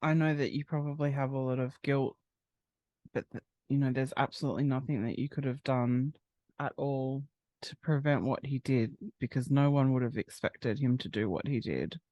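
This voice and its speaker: A man hosting a true crime interview, asking questions and reassuring his guest in a gentle way. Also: mid-range voice, moderate pace, no echo, dull audio.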